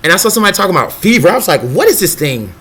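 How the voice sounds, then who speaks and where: A young man rambling in a casual vlog monologue, excitable and profane, jumping between thoughts and acting out quotes. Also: very fast. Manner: scattered, excitable, profane, acts out quotes in a high voice. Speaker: vlogger.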